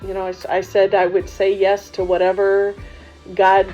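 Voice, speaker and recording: Speaking at a normal speed with a medium-pitched voice, a woman who used to coach and became a religious sister shares a humorous story with students. She's lively, laughing while she tells it and doing voices for the dialogue. The recording sounds muffled and dull, with faint background music.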